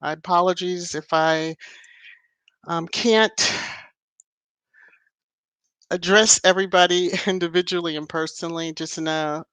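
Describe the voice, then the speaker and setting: A woman's voice: on the low side, fairly even intonation, measured pace, pauses often, fairly bright tone, clean tone, dry recording. A woman hosting a livestream in a casual, playful, chatty way, laughing often. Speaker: livestream host. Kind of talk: casual live-chat talk.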